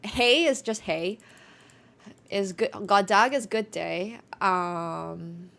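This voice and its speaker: Gravelly young woman chatting. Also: mid-range voice, drawn-out words, a bit bright. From Finland. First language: Finnish. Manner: chatty, rambling, many restarts and fillers. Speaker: chess streamer. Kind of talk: casual stream chat.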